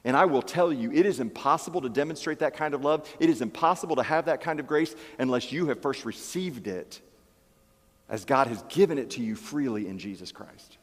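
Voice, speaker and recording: A man's voice: mid-range voice, animated, brisk, in a large hall. A man preaching a sermon as pastor, emphatic and fond of repeating key phrases. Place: church.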